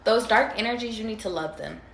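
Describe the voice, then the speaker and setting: A woman's voice: a little high, fairly quick, vocal fry. A woman giving a casual tarot reading to viewers, chatty, slangy and freely profane as she talks to them directly. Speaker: tarot reader. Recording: roomy echo.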